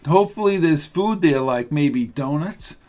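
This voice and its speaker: Male reader playing a sassy woman in her thirties, lifted pitch, breezy and wisecracking. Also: animated, a little slow, a little mellow.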